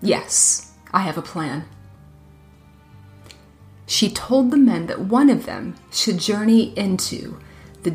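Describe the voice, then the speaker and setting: A woman narrating a fairy tale in an even, measured reading. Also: fairly low pitch. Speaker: storyteller.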